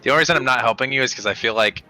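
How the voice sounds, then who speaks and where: A man's voice: medium pitch, racing, sharp tone, faint music behind, low-quality recording. A man narrating as dungeon master of a tabletop game, describing scenes with frequent ums and restarts. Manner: descriptive, hesitant with many ums.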